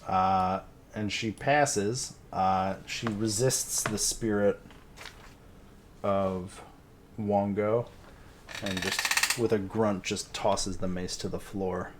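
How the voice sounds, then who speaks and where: A man narrating as game master of a tabletop game, halting with frequent fillers. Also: fairly low pitch, fairly even intonation, slight background noise.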